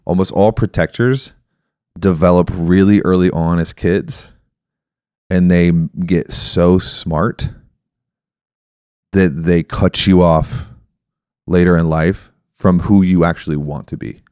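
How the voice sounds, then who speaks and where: A man's voice: low voice, fairly even intonation, slow, long pauses, darkish tone, clean tone, dry recording, studio quality. A man in his thirties hosting a podcast, telling a story and explaining ideas in a reflective, casual way. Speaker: podcast host.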